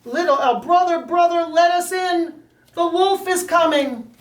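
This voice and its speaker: A woman voicing the little pigs, small defiant piglets with a high, squeaky voice, recorded in a roomy space from a distant mic. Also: big pitch swings, a little slow. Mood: frantic.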